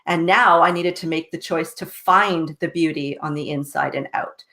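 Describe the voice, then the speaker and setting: A woman's voice: low voice, normal speed, pushed and bright. Earnest woman guest, chatty tag questions. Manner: earnest, tags sentences with "right?" and laughs lightly. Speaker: guest, success coach. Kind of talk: casual interview storytelling.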